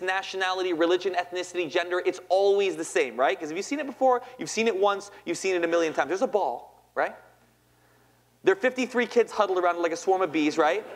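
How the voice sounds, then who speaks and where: A man's voice: sits high, brisk. A man in his thirties giving a playful storytelling talk as a poet, often quizzing his audience. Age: 30s. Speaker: poet and speaker. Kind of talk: spoken-word storytelling talk.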